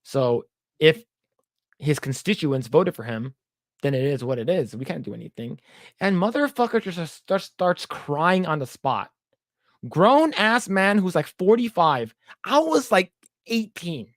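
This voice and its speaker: A man's voice: fairly high pitch, very animated, unhurried, no room sound, clean studio sound. A man in his thirties co-hosting a podcast, telling rambling stories, swearing and reading viewer comments aloud. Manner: rambling storyteller, swears, mimics voices in quotes. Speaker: podcast co-host. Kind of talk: casual chat, reading comments.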